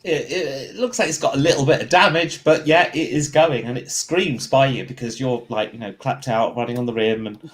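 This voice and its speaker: A man's voice: medium pitch, fairly quick. A man running a tabletop game as game master, narrating in a loose, rambling way with plenty of fillers.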